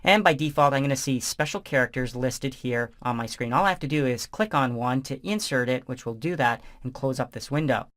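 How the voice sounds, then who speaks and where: A man narrating a software tutorial as instructor, explaining each step in a relaxed, conversational way. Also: mid-range voice, a little fast, hardly any pauses.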